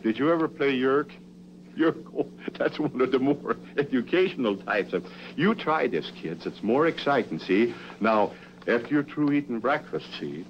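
Jokey old-time kids tv host guy, voice all over the place, dull archive sound. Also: medium pitch. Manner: folksy, jokey, playful. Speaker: children's TV host. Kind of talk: 1950s live children's TV banter. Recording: dull old TV archive audio with faint hum.

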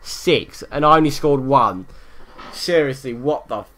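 A man giving live gameplay commentary, excitable, swearing often and yelling at the game. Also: mid-range voice, measured pace. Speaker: gaming YouTuber.

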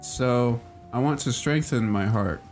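A man's voice: medium pitch, a little slow, darkish tone, soft background music, close to an everyday voice. A man reading aloud the lines of an earnest teenage girl from a game in his own plain voice, without putting on a voice. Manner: reads her lines plainly without a put-on voice.

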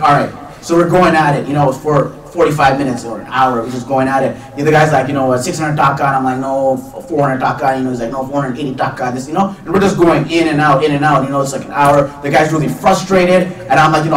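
A male religious teacher lectures to a live audience in a chatty storytelling manner. His voice sits a little high and the words come quickly. The recording is echoey, with the mic some distance away. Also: fairly even intonation. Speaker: Islamic teacher. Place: lecture hall before an audience. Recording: echoey room, mic far off.

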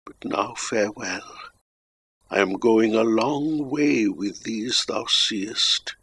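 A man's voice: fairly low pitch, slow pace, a bit bright, a little hiss or hum. A man reading as a dying old king. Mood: sorrowful farewell. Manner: grave, sorrowful and tender.

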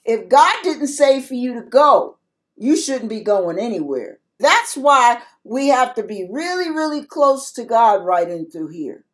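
A woman's voice: fairly high pitch, big pitch swings, a little slow. An older woman giving a spoken devotional sermon to her viewers, emphatic and repetitive as she exhorts them. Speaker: christian video preacher.

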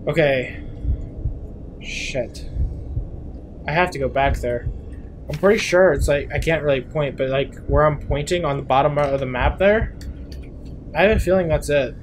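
A man talking through a horror game in a slightly high voice, half muttering and swearing under his breath whenever something startles him. Game sounds carry clearly beneath his voice. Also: moderate pace, a little hiss or hum. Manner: jumpy, mutters to himself, swears when startled. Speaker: gameplay YouTuber. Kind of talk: horror game let's play commentary.

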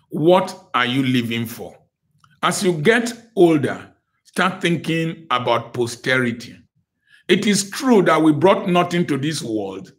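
A man's voice: fairly high pitch, a bit bright. Emphatic older man giving a lecture. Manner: emphatic, preacherly, with repeated phrases. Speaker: guest lecturer. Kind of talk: motivational lecture.

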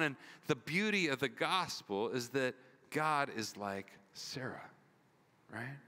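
A man's voice: a little high, sharp tone. A man pastor preaching in a conversational, earnest sermon, retelling a story with many repeats and "like"s. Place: church. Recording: long hall reverb.

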